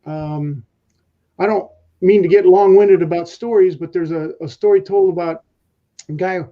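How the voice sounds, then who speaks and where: A man's voice: sits high, fairly even intonation, normal speed, muffled recording. A man guest on a podcast, telling leadership stories in a rambling way with many fillers. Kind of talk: casual podcast talk.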